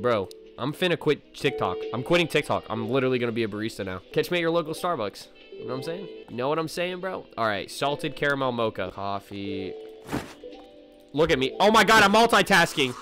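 A man giving excitable, casual commentary while playing a video game, with loud outbursts. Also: mid-range voice, fairly quick. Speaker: gaming video creator. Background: game music.

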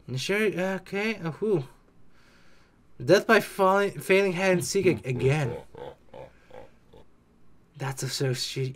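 An excitable gamer joking and exclaiming while reacting to a game's death scenes. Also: mid-range voice, measured pace, long pauses, faint music behind. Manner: excitable, jokey, exclaims often and mimics characters. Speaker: reaction video creator. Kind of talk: casual game reaction commentary.

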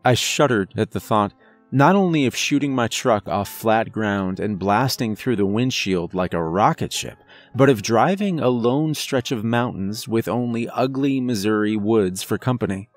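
A man narrates a first-person horror story in a measured, scripted way. His voice sits on the low side, and faint music runs under the narration. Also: dry recording.

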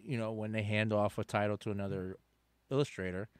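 Low-voiced man in casual chat. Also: brisk, smooth, no echo, clean studio sound. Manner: relaxed, short agreeing replies, chuckles. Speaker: podcast co-host. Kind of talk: casual comic book chat.

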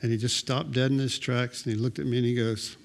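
A man's voice: mid-range voice, flat delivery, fast, vocal fry. A middle-aged male pastor preaching a sermon, telling personal stories with dry, self-mocking humor.

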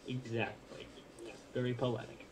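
A young man speaking with a put-on Russian accent, trading deadpan jokes as a guest in a casual chat. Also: mid-range voice, a little slow, crowd noise. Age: young adult.

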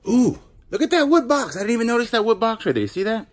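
A man's voice: extremely high pitch, sing-song, quick pace. A man hosting a vlog, chatting casually and joking while he sorts through a storage unit. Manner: chatty, jokey, thinking out loud. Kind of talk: casual chat to camera.

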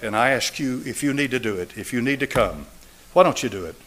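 A man in his seventies preaching a sermon and altar call, driving points home through repetition and swinging between raised and hushed delivery. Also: mid-range voice, animated, a little fast, a little hiss or hum. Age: 70s. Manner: emphatic, repetitive preaching cadence. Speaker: pastor.

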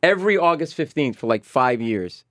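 A man appearing as a guest comedian, telling lively, profane anecdotes and acting out the voices of others in a radio chat. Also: medium pitch, moderate pace, no room sound, studio quality. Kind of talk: animated storytelling on a talk show.

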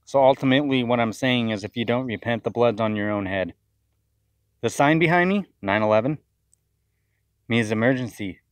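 A man's voice: medium pitch, normal speed, long pauses, no room sound. Fiery preaching man, dry sound. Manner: fiery, accusatory, repeats words mid-sentence. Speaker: self-styled preacher. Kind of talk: impassioned video sermon rant.

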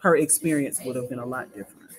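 A woman's voice: very deep voice, quick pace, poor audio. A woman hosts a live event broadcast, hyping it up and talking straight to the viewers. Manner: lively, hyped, talks to viewers directly. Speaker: host. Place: library event with people around. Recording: crowd chatter behind.

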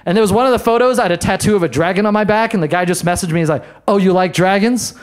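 A man doing a stand-up set in a comedy bar, brash and self-mocking, with quick asides to the crowd. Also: sits high. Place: comedy bar in front of a live audience.

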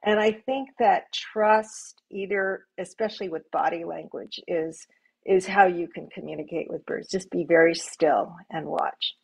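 An older woman speaking as a guest on a live panel, telling stories in a gentle, reflective, unhurried way. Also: on the low side, steady tone, creaky, slightly rough, poor audio.

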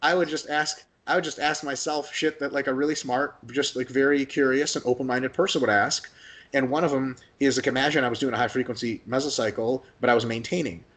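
A man talking fast on a casual podcast interview, profane and animated, acting out imagined conversations with his own voice. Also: medium pitch. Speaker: guest, hypertrophy coach.

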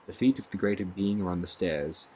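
A man voicing a deep supernatural voice from above. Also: steady tone, unhurried, darkish tone, slight background noise. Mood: whispering. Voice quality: deep, musical, crooning.

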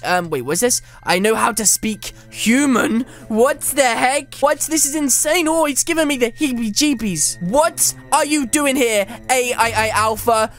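High-voiced excitable woman gamer. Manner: excitable, keeps exclaiming at surprises. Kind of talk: excited game commentary.

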